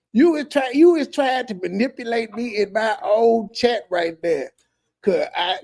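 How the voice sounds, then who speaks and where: A man's voice: high voice, gravelly, darkish tone. A male streamer reacting to clips and ranting profanely at a viewer in chat, heated and preachy, drawing out words for emphasis. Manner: heated, preachy, addresses a chatter directly. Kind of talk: profane casual rant.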